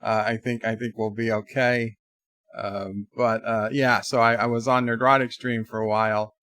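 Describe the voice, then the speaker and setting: A man talking casually on a live stream, drifting from one topic to the next and reading out viewer messages. His pitch sits mid-range, and the sound is dry and close with no room echo. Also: little pitch movement, moderate pace, a bit bright. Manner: rambling, reads viewer chat aloud, frequent restarts.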